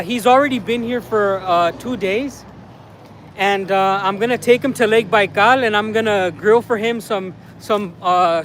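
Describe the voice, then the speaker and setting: Man, vlogger, high voice, excitable rambling chat, outdoor phone livestream, faint traffic noise behind. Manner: excitable, rambling, lots of fillers. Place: outdoors on town streets. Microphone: handheld phone livestream.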